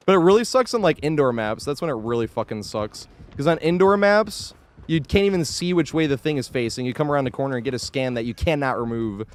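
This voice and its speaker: A male game streamer talking live over his gameplay, his pitch jumping around a lot as he swears freely and breaks into laughter. His voice sits at an ordinary middle pitch, and he chats loosely with his viewers between moments of play. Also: animated, fairly quick. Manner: chatty, thanks viewers while playing.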